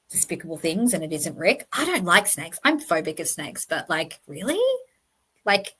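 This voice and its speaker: A woman's voice: lowish voice, pushed and bright, slight background noise. Passionate woman hosting true crime commentary. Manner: emphatic, passionate, self-correcting. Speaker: true crime channel host. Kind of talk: pre-recorded commentary over slides.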